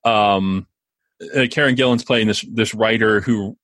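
A man co-hosting a podcast chats casually, rambling with plenty of fillers and restarts. His voice is lowish, steady and a bit bright, and he speaks unhurriedly. The studio recording is clean, with no echo.

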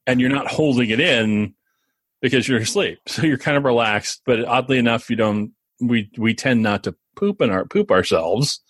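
A man's voice: mid-range voice, moderate pace, a bit bright, husky, no room sound. A man co-hosting a podcast in casual chat, explaining things at length with frequent chuckles. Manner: explanatory, chuckles while talking. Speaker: podcast co-host.

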